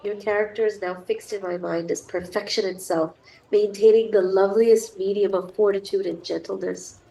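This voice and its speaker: A woman's voice: mid-range voice, steady tone, moderate pace, gravelly, mellow, low-quality recording. A young woman with a cold, streaming a dating sim and reading its text aloud with chatty, gushing asides. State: has a cold. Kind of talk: reading game text aloud with casual commentary.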